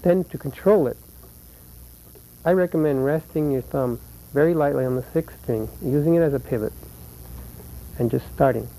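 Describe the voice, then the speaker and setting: A man's voice: medium pitch, vocal fry, dark tone, slight background noise, rough recording. Patient man teaching flamenco guitar. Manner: patient, counts beats aloud slowly. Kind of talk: instructional lesson.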